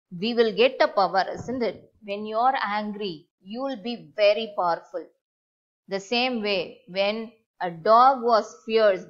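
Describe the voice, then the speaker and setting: A woman teacher reads a story aloud and unpacks it slowly for her class. She repeats phrases and keeps asking "right?" to check on the children. The audio is dull and lo-fi, like an online class recording. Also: mid-range voice. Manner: slow, repetitive explanation with checking questions. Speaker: school teacher. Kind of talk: explaining a story text to a class.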